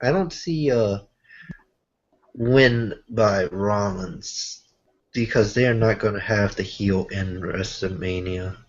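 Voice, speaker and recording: A man co-hosting a casual wrestling chat, talking haltingly with many fillers. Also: on the low side, lo-fi sound. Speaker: wrestling show co-host.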